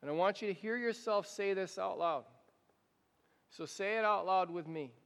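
A man, a pastor, leading a congregation in a slow, repetitive guided prayer during a sermon. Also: high voice, gravelly. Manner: guided prayer, soft and slow, repeating phrases. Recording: long reverb of a church hall.

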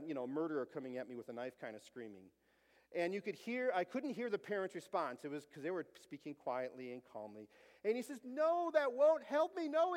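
High-voiced pastor preaching in reverb. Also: male voice. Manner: storytelling, earnest. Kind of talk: sermon. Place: church sanctuary. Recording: long church reverb.

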